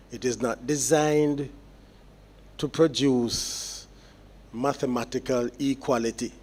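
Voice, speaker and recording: A man, a judge delivering sentencing remarks in court in a measured, explanatory way with deliberate pauses. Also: mid-range voice, darkish tone, slight background noise.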